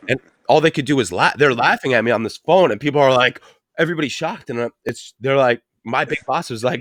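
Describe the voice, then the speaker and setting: A man's voice: fairly low pitch, quick pace, dry recording, clean studio sound. A man in his thirties hosting a podcast, telling stories in loose casual chat, swearing freely and filling gaps with "like" and "you know". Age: 30s. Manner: loose, profane storytelling with many fillers. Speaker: podcast host.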